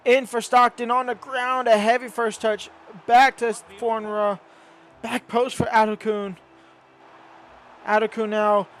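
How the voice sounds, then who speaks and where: A young man giving excitable play-by-play commentary over his own football video game, rising to shouts at goals. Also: extremely high pitch, a little slow, pauses often, a little hiss or hum. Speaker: gaming YouTuber.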